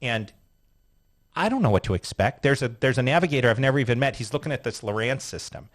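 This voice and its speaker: A man's voice: mid-range voice, fast. A man, a retired sports car driver, telling a story as a guest in a casual interview, swearing freely and acting out what people said. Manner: profane, animated storyteller acting out quotes.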